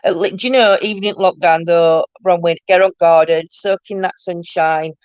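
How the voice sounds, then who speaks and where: A woman's voice: on the low side, steady tone, moderate pace, a little mellow, clear, resonant tone, dry recording, dull audio. A woman hosting a paranormal live stream from home, chatting casually and reading out viewer comments, teasing and laughing often.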